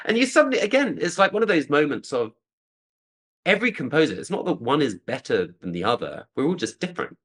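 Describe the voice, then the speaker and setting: A man, a composer, telling lively anecdotes in an interview and acting out quoted voices. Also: a little high, fast talker. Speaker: composer guest. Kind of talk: conversational interview storytelling.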